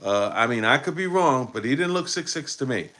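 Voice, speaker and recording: A man's voice: mid-range voice, animated, brisk, sharp tone. A man hosting a live post-game basketball show, talking in a rambling way with many fillers and restarts. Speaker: podcast host.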